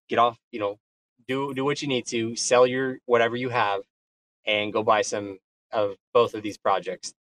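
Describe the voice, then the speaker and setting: A man talking loosely on a group call, often stumbling and repeating himself as he thanks people. His pitch sits in the middle, and a faint hum of ambience runs behind him. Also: fairly bright tone. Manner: hesitant, repeats words, effusive. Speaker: guest on a community call. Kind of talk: casual chat.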